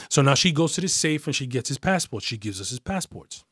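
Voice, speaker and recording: A man's voice: mid-range voice, very animated, a little fast, a bit bright, slightly rough, no echo, studio quality. A middle-aged man, a former detective telling a story bluntly, swearing often and acting out the voices of people in it. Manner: blunt, profane, acts out voices in his stories. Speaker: retired police detective. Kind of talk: casual storytelling interview.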